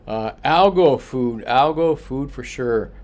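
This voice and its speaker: A man's voice: mid-range voice, expressive, takes it slowly, a little mellow. A man hosting a casual evening price report from his coin shop, chatting loosely with lots of filler and answering viewer comments. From Florida. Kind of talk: casual evening livestream chat.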